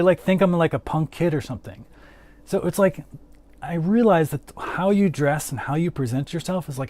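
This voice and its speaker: A man's voice: on the high side, a little mellow, no room sound. A man chatting casually as a livestream host, rambling with lots of "like" fillers and answering his chat.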